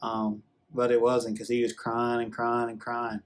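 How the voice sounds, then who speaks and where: A man vlogging a rambling, earnest confessional story, halting often and restarting his sentences. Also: mid-range voice, completely flat delivery, slight background noise. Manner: halting, earnest, with many restarts and drawn-out fillers.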